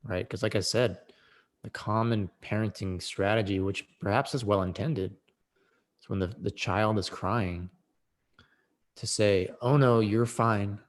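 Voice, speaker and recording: Earnest man explaining, low voice. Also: fairly even intonation, unhurried, pauses often. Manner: earnest, explanatory, rises sharply for emphasis. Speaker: podcast guest. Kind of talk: reflective conversation on emotional healing.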